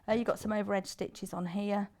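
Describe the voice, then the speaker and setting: A woman demonstrating a sewing machine on live TV, explaining its features briskly and practically. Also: medium pitch, level tone, darkish tone. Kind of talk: product demonstration.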